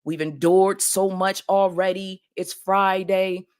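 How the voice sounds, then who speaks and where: A woman's voice: medium pitch, steady tone, slow, darkish tone, clear, resonant tone. A woman hosting a faith-based motivational podcast, talking in a preacherly call-and-response way and often calling out "y'all". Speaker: podcast host and life coach.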